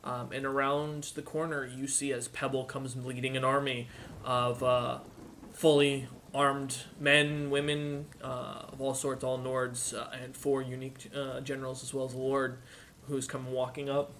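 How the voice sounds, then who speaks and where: Bright-voiced man running a tabletop game. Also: mid-range voice, little pitch movement, slight background noise. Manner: halting, many fillers. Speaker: dungeon master.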